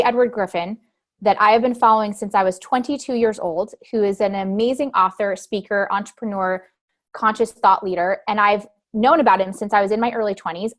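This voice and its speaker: Woman, thirties, motivational speaker, lively storytelling, a bit high-pitched. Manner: animated storytelling, acts out her own past panic. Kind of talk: motivational talk to a team meeting.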